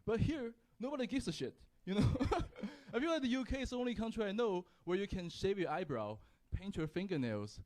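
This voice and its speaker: A young man from China performing a stand-up comedy set in a comedy club, with a wry, deadpan delivery. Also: sits high, brisk, hardly any pauses. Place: comedy club with live audience.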